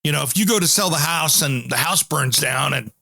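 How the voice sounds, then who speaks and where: A man's voice: a little high, a little fast, creaky, no echo. A man hosting a home improvement show, telling stories in a casual chat and acting out the people he quotes. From Pacific Northwest, US. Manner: animated storyteller, acts out quotes.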